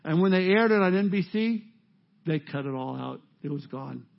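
Male pastor, sermon delivery, emphatic swells, high pitch, dull lo-fi sound. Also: expressive, moderate pace, gravelly. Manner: emphatic, rising to loud peaks.

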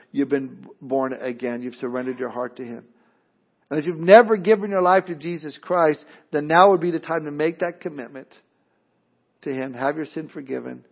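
A man preaching a sermon as a pastor, animated, acting out voices and often repeating words as he starts a thought. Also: mid-range voice, gravelly, slightly rough. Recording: dull lo-fi sound.

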